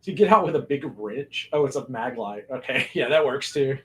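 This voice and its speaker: A man's voice: mid-range voice, animated, moderate pace. A man hosting a casual movie commentary podcast, laughing often and rambling through asides. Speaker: podcast host.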